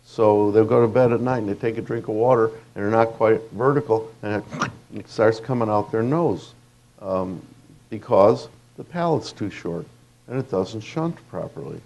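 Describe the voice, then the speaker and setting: Teaching anatomy to what sounds like a classroom, a male dental lecturer speaks in a deep, darkly mellow, gravelly voice. He's conversational and digressive, telling stories with fillers and false starts at a normal pace, and the recording is muffled.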